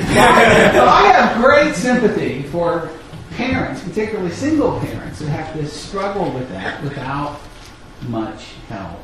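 A middle-aged male pastor telling a family story in a sermon, acting out the family's dialogue with lively storytelling. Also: fairly high pitch, normal speed, heavy reverb, rough recording.

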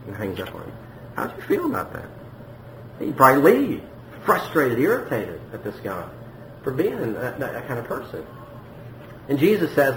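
A man preaching a sermon to his congregation in a conversational way, often repeating himself, climbing to emphatic peaks and dropping low. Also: wildly swooping pitch, normal speed, long pauses, fairly bright tone. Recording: echoey room with faint background noise.

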